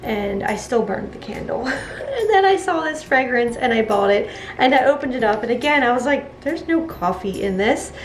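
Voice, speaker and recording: A woman's voice: a little high, animated, normal speed, hardly any pauses, reverberant, slight background noise, low-quality recording. A woman chatting casually while making soap, laughing often as she talks. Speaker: soap maker. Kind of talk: casual crafting narration.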